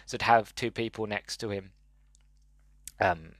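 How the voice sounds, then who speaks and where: A man's voice: fairly low pitch, measured pace, fairly bright tone, dry recording. Earnest man reviewing, voice wavering. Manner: earnest, restarts often, voice wavering with emotion. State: emotional, close to tears. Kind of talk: emotional video review.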